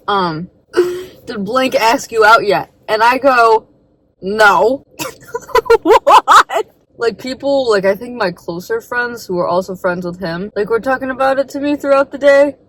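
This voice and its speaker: A woman's voice: mid-range voice, a bit bright, rough recording. A young woman vlogging from her parked car, telling a story in a rambling, self-deprecating way, full of fillers and asides. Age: young adult. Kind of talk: casual storytelling vlog.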